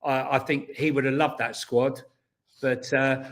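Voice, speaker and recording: A man's voice: mid-range voice, flat delivery, a little slow, a bit bright. A man, co-hosting a casual football podcast, rambling through stories with many ums and restarts. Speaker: co-host.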